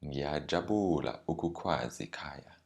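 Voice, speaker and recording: A man's voice: a bass voice, lively intonation, measured pace, vocal fry, a little mellow, full character voice. A man reading a polite woman learner. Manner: plain careful reading of dialogue lines. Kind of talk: scripted language lesson dialogue.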